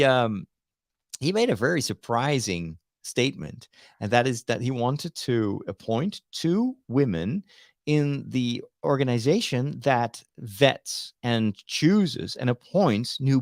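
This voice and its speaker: A priest from the Netherlands, co-hosting a casual chat about church news, talking in a chatty, halting way with many fillers and restarts. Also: male voice, mid-range voice, big pitch swings, no room sound, studio quality. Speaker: priest and co-host.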